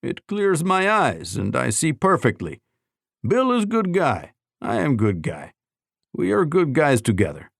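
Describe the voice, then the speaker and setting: A man voicing a friendly Russian man who speaks in slow, broken, simple phrases with a Russian accent. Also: medium pitch, wildly swooping pitch, creaky, no room sound, studio quality, pitched above the performer's own voice, exaggerated voice. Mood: cheerful.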